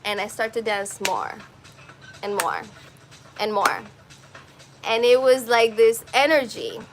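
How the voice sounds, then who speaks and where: A woman with a fairly high voice tells a personal story, rambling and emotional, with casual swearing. Faint music plays behind her. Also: lively intonation, slow. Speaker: podcast host.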